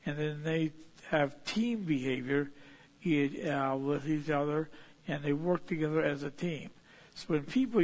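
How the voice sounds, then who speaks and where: Husky-voiced man preaching folksy sermon. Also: on the high side. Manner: folksy, illustrative preaching with sudden emphatic rises.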